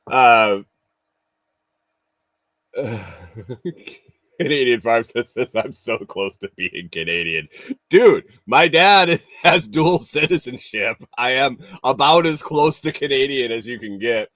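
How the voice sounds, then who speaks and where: A man's voice: medium pitch, expressive, slow, a bit bright, no echo. A man hosting a casual livestream morning show, reading viewer comments, laughing often and swearing, with rambling restarts.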